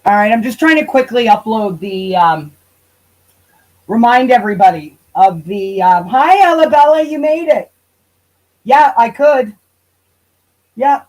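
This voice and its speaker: A woman's voice: medium pitch, a little mellow, poor audio. A woman livestreaming on her channel, ranting in a casual, profane and heated way and now and then drifting away from the mic. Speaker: YouTube livestreamer.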